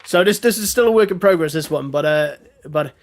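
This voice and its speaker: A hoarse man chats casually as a podcast guest, rambling and laughing as he goes. His voice sits a little high and has a gravelly edge. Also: fast talker. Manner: chatty, laughs often, restarts. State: hoarse from a throat infection. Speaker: guest streamer.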